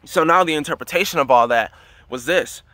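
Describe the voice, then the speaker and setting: A man's voice: a little high, a little fast, pushed and bright, dry recording. A man telling a long story in a casual, rambling way, with many fillers and restarts. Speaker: dream teller.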